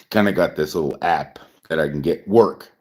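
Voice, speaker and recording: His voice rumbles low with a darkish tone and a measured pace. A man in his forties, he's drinking whiskey through a casual live stream chat, having had a few already, and he rambles, repeats things, and chuckles frequently.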